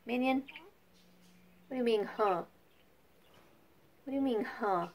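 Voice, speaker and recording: A woman's voice: fairly high pitch, unhurried, darkish tone. A woman filming her pet budgies at home, chatting casually and coaxing the birds in a soothing voice. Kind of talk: casual home vlog narration.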